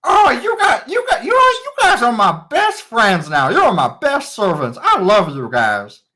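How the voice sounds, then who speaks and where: A woman voicing a dim, boastful young male king who is fawning and childishly excited. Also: fairly high pitch, measured pace, voice pushed up, heavily acted. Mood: gushing.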